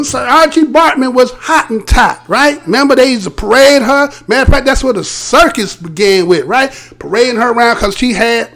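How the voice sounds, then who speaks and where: High gravelly guy ranting on a live news stream, acts out quotes mocking. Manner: loose and animated, often acts out quotes in a mocking voice. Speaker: live show host.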